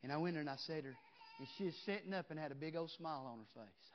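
A man preaching a revival sermon in a folksy way, swinging from shouted preaching to hushed storytelling. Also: a little high, quick pace, lo-fi sound, slight background noise. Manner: folksy, drops into "ain't" and "you know what".

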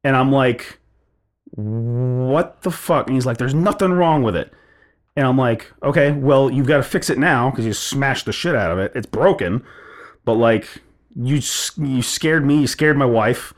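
A man in a casual podcast chat, retelling a tense run-in at length. He rambles with plenty of restarts and filler, and his voice sits at an ordinary middle pitch. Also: moderate pace. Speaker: podcast co-host.

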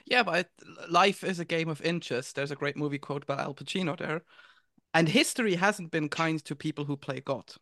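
A man's voice: a little high, moderate pace, sharp tone, no echo, studio quality. A man hosting a podcast, asking reflective, rambling questions. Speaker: podcast host. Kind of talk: casual podcast interview.

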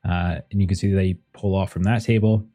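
A man's voice: low-pitched, fairly even intonation, a little fast, warm tone. Laid-back male game master. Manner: casual, rambling, lots of fillers. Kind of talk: narrating a tabletop game.

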